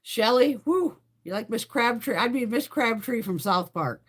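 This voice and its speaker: Lively, foul-mouthed woman livestreamer. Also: on the high side, normal speed. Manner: blunt, heavily profane, animated storyteller. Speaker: beauty livestream host. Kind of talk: casual live chat while doing makeup.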